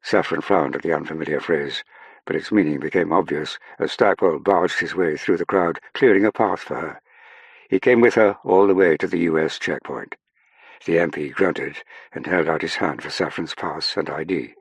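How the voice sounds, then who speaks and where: A man narrating an audiobook in a measured, even way. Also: extremely low pitch, husky, no room sound. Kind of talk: scripted narration.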